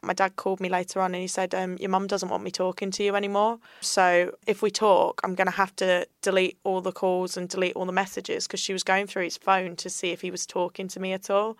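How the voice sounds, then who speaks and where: A young woman tells her own story on a podcast, candid and earnest. Her voice is smooth and resonant but has a gravelly fry underneath. The sound is dry and close. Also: mid-range voice, level tone, a little fast, hardly any pauses, no echo. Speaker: guest. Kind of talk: personal storytelling in a podcast interview.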